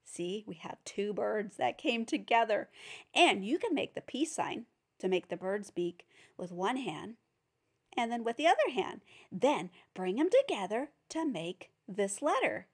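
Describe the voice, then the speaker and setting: A woman's voice: medium pitch, big pitch swings, measured pace. A woman giving a phonics lesson for teachers and parents, patiently sounding out each letter. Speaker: reading teacher.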